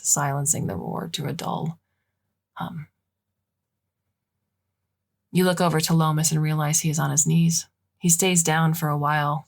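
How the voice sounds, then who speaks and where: A woman with a low-pitched voice narrates a short story for a podcast. Her reading is unhurried and deliberate, and she lets her phrases fall away into soft, hushed endings. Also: gravelly.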